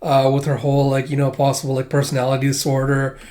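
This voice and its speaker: A man's voice: mid-range voice, monotone, fast, a little mellow. A man giving a casual, rambling manga review, full of fillers and the odd swear. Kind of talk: casual commentary.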